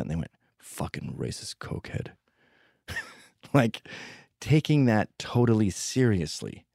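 A man's voice: sits low, dark tone, no room sound, clean studio sound. A man telling rambling, profane stories with sardonic humor in a comedic monologue. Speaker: podcast host telling stories.

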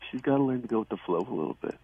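A man's voice: mid-range voice, lively intonation, racing, slightly rough. A man on a phone call with his girlfriend, reluctant at first, then slipping into mock baby talk. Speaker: boyfriend on the phone.

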